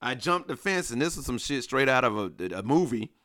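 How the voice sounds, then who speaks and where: A man co-hosting a podcast, telling a story in a casual, animated way with acted-out quotes and laughter. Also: mid-range voice, brisk, dry recording, studio quality. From Alabama. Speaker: podcast co-host.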